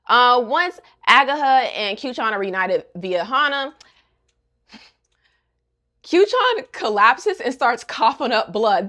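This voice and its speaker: A young woman talks through a manga story in sassy, chatty commentary, tossing in joking asides. Her voice sits a little high and swings widely. The delivery stays casual and playful. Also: very animated, slow pace, pushed and bright. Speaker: manga recap vlogger.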